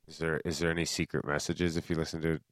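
A man's voice: a bass voice, little pitch movement, fast talker, no echo. A man co-hosting a podcast in casual chat, joking around and swearing freely. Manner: joking, profane banter. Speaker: podcast co-host.

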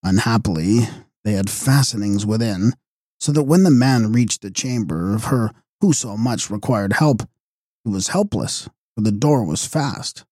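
Male narrator, measured reading, mellow tone, dry close recording. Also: fairly low pitch, expressive, no echo. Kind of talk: audiobook narration of a gothic novel.

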